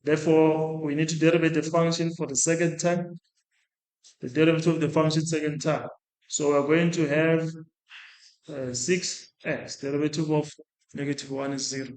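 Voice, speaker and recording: A man's voice: fairly high pitch, little pitch movement, moderate pace, darkish tone. Male maths lecturer in an echoey room. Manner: talks through working aloud, restarts and self-corrects. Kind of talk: step-by-step maths lesson.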